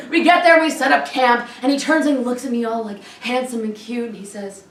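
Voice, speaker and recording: A woman telling a comic story in a solo show, animated and laughing often as she voices the people in it. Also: fairly high pitch, moderate pace, reverberant, recorded from a distance, a little hiss or hum. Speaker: comedic storyteller. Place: live performance venue.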